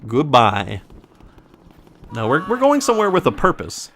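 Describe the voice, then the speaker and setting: A man's voice: fairly high pitch, wildly swooping pitch, measured pace, fairly bright tone, slight background noise. A man giving casual, joking gameplay commentary who rambles into silly made-up backstories. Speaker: let's play commentator.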